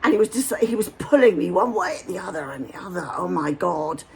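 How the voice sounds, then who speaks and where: A chatty woman from Hampshire, England, telling a story to camera in a low, gravelly voice. She rambles and wanders into asides. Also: expressive, a little fast, slight background noise. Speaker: vlogger.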